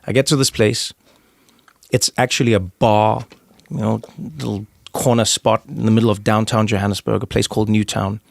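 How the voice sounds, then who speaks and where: A man's voice: lowish voice, normal speed, gravelly, dry recording, studio quality. A man with a South African accent, a podcast guest and comedian, telling anecdotes in a casual interview and acting out the voices of the people in them. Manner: animated storyteller who acts out the voices in his anecdotes.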